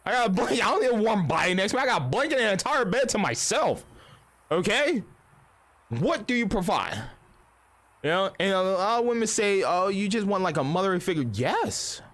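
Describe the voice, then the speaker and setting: A streamer in his thirties chats casually on a livestream, rambling and swearing and often acting out other people's voices mid-story. His voice is high-pitched, very animated, brisk, and a bit bright.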